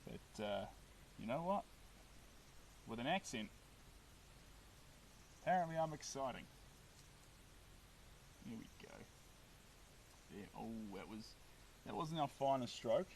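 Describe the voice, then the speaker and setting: A man's voice: medium pitch, lively intonation, slow pace, pauses often, darkish tone, far from the mic, slight background noise, poor audio. A man with a New Zealand accent chatting upbeat and casually while painting on a live stream, reading out viewer comments.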